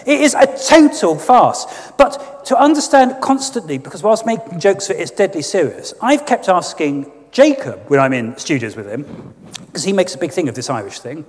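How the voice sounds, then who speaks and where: A man delivers a sardonic, emphatic political speech. His voice sits high and swings widely in pitch. A long reverb from the church trails behind his words. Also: sing-song, normal speed. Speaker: guest speaker.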